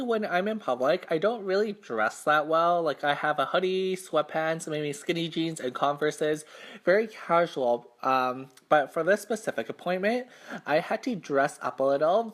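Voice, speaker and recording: A man's voice: fairly high pitch, a bit bright. Young guy rambling thru a storytime while he eats, lots of likes and ums, kinda embarrassed. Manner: rambling, filler-heavy storytelling; self-conscious, embarrassed. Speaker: mukbang host. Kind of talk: casual storytime while eating.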